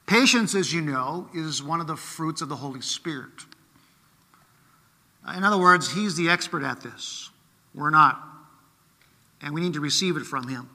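A man's voice: fairly high pitch, pushed and bright, big-room sound. A man preaching a sermon in a conversational way, often checking in with rhetorical questions.

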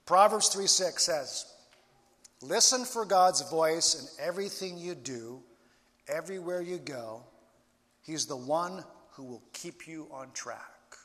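Pastor guy preaching real slow, lots of pauses, bit higher voice, echo hanging in a big hall. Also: lively intonation, fairly bright tone. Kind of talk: sermon.

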